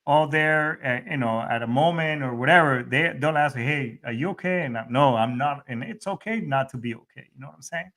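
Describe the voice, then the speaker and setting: A man's voice: a little high, brisk, hardly any pauses, a bit bright. A middle-aged man hosting a podcast in a casual chat, profane and rambling with many restarts. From Hispanic background. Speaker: podcast host.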